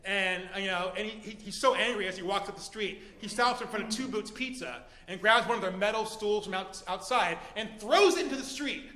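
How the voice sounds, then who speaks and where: A man tells a true story on a comedy club stage in a bright, high voice. He is conversational and leans on fillers. The stage microphone picks up a roomy hall with a long, ringing reverb. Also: fairly quick, hardly any pauses.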